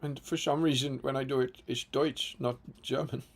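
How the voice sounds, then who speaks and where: A man's voice: medium pitch, fairly even intonation, moderate pace, gravelly. A man co-hosting a casual live stream, reading viewer comments aloud with playful asides. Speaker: co-host reading chat.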